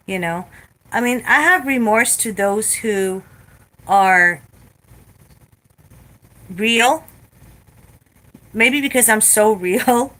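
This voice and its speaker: Bright toned woman ranting on her vlog, swears a lot, no filter. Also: a little high, slow pace, pauses often. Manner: blunt and profane, animated retelling. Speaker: vlogger. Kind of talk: casual storytime rant.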